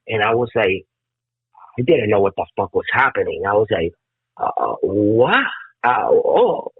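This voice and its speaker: A man in his fifties from Cuba, telling stories as a guest musician in an excitable, rambling way, swearing a lot. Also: fairly low pitch, unhurried, slightly rough, no room sound. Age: 50s. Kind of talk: casual storytelling interview. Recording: tinny phone-like call line.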